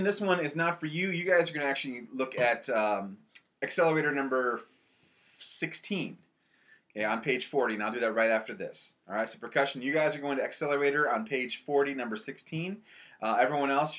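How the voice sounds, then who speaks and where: A man's voice: mid-range voice, brisk, a bit bright. Upbeat band teacher man. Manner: upbeat, counting aloud and calling out over drums. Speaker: school band director. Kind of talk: recorded music lesson. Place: home.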